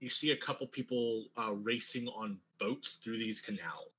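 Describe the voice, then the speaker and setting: A man narrating a tabletop game as game master, relaxed and full of fillers. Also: lowish voice, moderate pace, slightly rough, poor audio.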